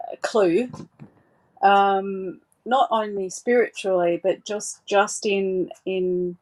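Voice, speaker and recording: Gentle and reassuring, a woman with a mid-range voice delivers a live psychic reading, often hesitating, using fillers, and starting sentences over.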